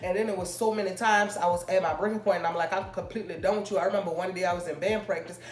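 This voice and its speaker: A woman's voice: lowish voice, fairly even intonation. A young woman vlogger telling a personal story in casual, rambling chat full of fillers. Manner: chatty, rambling, drawn-out fillers. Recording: echoey room with faint music.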